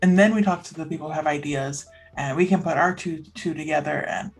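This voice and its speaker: Husky woman reasoning aloud at the table. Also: sits low, brisk, faint music behind. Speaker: player. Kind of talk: tabletop play.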